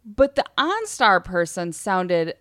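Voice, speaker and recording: Lively, lower-voiced woman telling a story. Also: takes it slowly, no echo, studio quality. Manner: animated, laughs often, acts out quoted voices. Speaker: podcast co-host. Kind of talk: casual storytelling chat.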